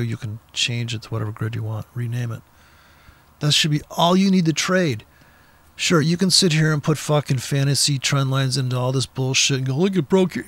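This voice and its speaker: Gravelly, profane man ranting. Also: mid-range voice, a bit bright. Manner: profane, blunt and combative. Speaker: trading commentator. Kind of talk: unscripted ranting commentary. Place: in a car with the window down.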